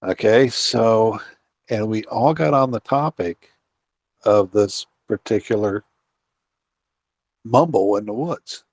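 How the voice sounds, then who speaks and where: Low-voiced rambling man telling a story. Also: slow, pauses often, no room sound. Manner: rambling, full of fillers and restarts. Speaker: guest, outdoorsman and Bigfoot researcher. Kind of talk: casual storytelling interview.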